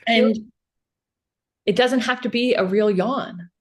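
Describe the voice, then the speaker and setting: A woman's voice: on the high side, slow. A woman guest on a podcast, explaining ideas in a casual, earnest way and often checking in with "right?".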